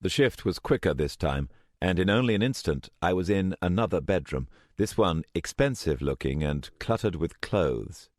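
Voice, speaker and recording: Deep-voiced, lively male narrator. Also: moderate pace, few pauses, dry recording. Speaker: audiobook narrator. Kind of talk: scripted narration. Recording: dry close studio sound.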